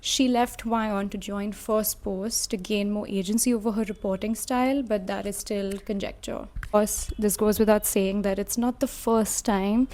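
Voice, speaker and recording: A woman's voice: medium pitch, fairly even intonation, moderate pace, few pauses, warm tone. Woman from India giving commentary. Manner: reflective, lightly casual with frequent "like" and "sort of". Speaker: video essayist. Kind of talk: scripted commentary.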